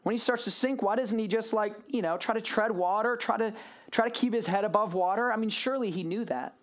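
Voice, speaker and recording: A man preaching a sermon to a room, telling a story with lively swings in voice and acting out the people in it. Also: sits high, a little fast.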